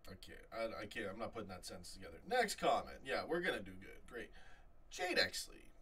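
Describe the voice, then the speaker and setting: A man hosting a live fan chat stream, reading out viewer comments in an animated, rambling way full of restarts. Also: on the low side, fast, distant mic, a little hiss or hum. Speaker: fan channel host.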